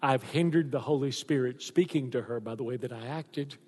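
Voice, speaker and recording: A man's voice: mid-range voice, normal speed, slightly rough. A man, preaching a sermon as a pastor, telling stories animatedly and acting out the voices in them. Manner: animated storytelling, acts out voices in quotes. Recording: long hall reverb.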